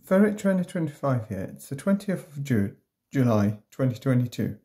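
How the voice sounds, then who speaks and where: A woman giving a casual tour of her pet ferrets, jumping into a high sing-song voice to greet them. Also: sing-song, moderate pace, dark tone. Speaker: pet vlogger.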